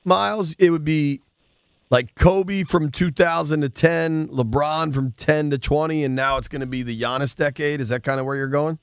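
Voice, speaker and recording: A man hosting a sports talk debate, posing questions and thinking aloud with halting restarts. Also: fairly high pitch, fairly even intonation, clean tone, no room sound, studio quality.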